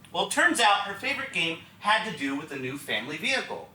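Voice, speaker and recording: On stage in a one-man show, a young Texan man recounts his life story, confiding in the audience with a high, bright, lively voice and a fast delivery. He's a solo performer, picked up from afar in a spacious theatre with faint background noise.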